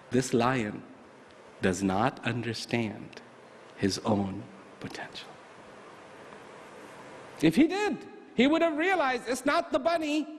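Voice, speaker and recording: A man giving an animated motivational talk, telling stories and asking emphatic rhetorical questions. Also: fairly high pitch, creaky, a little hiss or hum. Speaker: motivational speaker. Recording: echoey hall with faint ambience.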